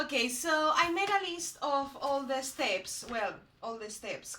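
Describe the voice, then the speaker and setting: A woman chatting casually as she presents a sewing vlog, rambling a little and often pausing to find her words. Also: a little high, bright, forceful tone. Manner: chatty and rambling, with frequent hesitations. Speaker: sewing vlogger. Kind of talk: casual how-to chat. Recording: roomy echo.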